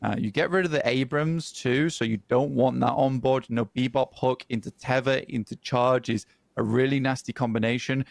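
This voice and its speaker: A man casting an esports match, breaking down the draft in a measured, analytical way with frequent ums. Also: medium pitch, creaky, no echo. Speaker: esports caster.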